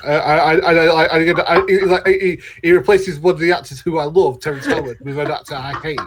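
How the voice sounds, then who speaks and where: A man's voice: a little high, fairly even intonation, brisk. A man co-hosting a casual movie-ranking chat, stammering through blunt opinions. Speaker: podcast co-host.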